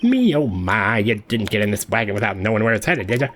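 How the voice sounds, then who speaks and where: A folksy old wagon driver. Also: female voice, very deep voice, sing-song, quick pace, slight background noise. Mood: teasing. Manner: folksy, drawling, amused.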